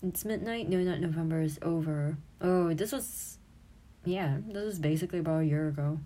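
Giggly, chatty woman with lower voice. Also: normal speed, dark tone. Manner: giggly, chatty, swears freely. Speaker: audio creator and streamer. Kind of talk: casual chat looking back on old posts.

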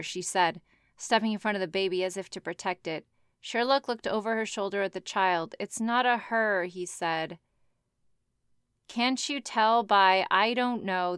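A woman with a smooth, clear voice reads fan fiction aloud and keeps stopping to roast it. Her asides are sarcastic and full of swearing. The recording is close and dry. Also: on the high side, fairly bright tone, dry recording. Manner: sarcastic, profane, laughs often. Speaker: reader reacting to fan fiction. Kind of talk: reading aloud with comic commentary.

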